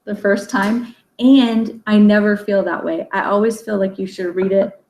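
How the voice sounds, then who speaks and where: On a livestream book chat, a woman host talks at normal speed in a mid-range, slightly mellow voice with fairly even intonation. Her loose, chatty delivery is peppered with fillers, restarts and laughter, and the faint ambient noise echoes around the room.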